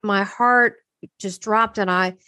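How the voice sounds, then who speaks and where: A woman in a casual spiritual conversation, telling a personal story with lively, swooping delivery. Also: slow, no room sound. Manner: animated storytelling, swooping pitch.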